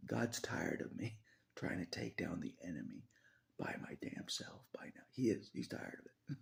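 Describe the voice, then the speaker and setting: Brief: man, vlogger, deep gravelly voice, rambling monologue that slips into whispers. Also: lively intonation, normal speed. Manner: rambling, laughs often, drops into whispers.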